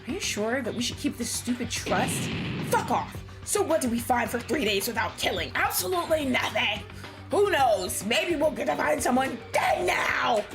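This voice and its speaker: A woman voicing a hostile, mocking student in a death game, jeering and shouting over game music. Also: high voice, big pitch swings, moderate pace, voice pushed up.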